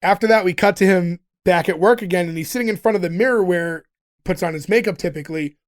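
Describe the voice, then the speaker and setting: Higher-voiced man recapping a TV episode. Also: fast talker. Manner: recaps scenes in detail, laughing often. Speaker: podcast host recapping episodes. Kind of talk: casual podcast chat.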